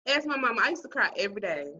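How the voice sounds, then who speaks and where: A woman's voice: fairly high pitch, very fast, dull audio. A woman co-hosting a podcast in casual chat over a video call, telling stories animatedly and acting out what people said. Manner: animated storytelling, acting out quoted voices. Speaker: podcast co-host. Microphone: remote video call.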